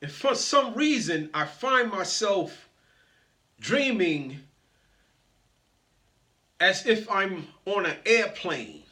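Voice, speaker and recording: High-voiced man telling a motivational story. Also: expressive, drawn-out words, long pauses, bright, forceful tone. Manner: playful, greets audience members by name. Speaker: motivational speaker. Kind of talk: storytelling speech to an audience.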